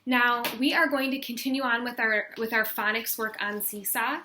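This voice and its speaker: A woman teacher giving a recorded phonics lesson to young children, patient and sounding out letter sounds slowly and deliberately. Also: fairly high pitch, steady tone, sharp tone, slight background noise. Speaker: elementary school teacher.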